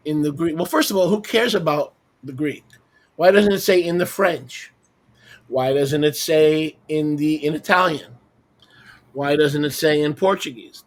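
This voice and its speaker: A man with a notably high speaking voice teaches a group discussion from his desk. He hammers points with rhetorical questions and scornful little asides. He keeps it conversational, as if walking the others through his screen. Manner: emphatic, fires rhetorical questions, mocking asides. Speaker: Bible teacher leading a roundtable.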